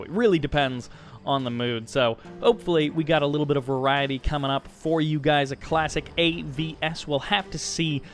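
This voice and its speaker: An American man calls a strategy match in a relaxed, chatty way, upbeat and quick to poke fun at himself. His voice sits at a medium pitch, with faint music playing softly behind him. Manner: chatty, self-deprecating, upbeat. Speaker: game commentator. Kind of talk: casual play-by-play commentary.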